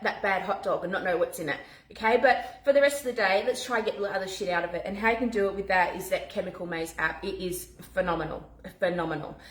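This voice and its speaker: A woman, chatting casually to camera as a mum vlogger, animated and talking in quick bursts with restarts. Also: mid-range voice. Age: 40s. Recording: echoey room.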